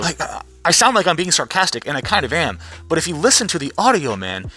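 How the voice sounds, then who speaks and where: A man's voice: fairly high pitch, huge pitch swings, fast, pushed and bright, slightly rough, faint music behind. A man vlogging with a blunt, sarcastic, profanity-laden rant, sounding tired. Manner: blunt, sarcastic, swears freely.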